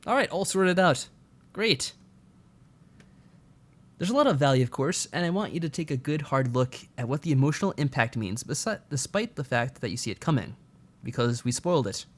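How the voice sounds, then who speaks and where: A man's voice: fairly high pitch, big pitch swings, moderate pace. Dry, sarcastic male streamer. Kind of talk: casual let's-play commentary, reading game text aloud.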